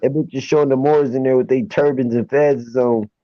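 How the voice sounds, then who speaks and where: A man's voice: medium pitch, steady tone, a little fast, no echo, lo-fi sound. A man guesting on a casual live chat, laid-back and profane.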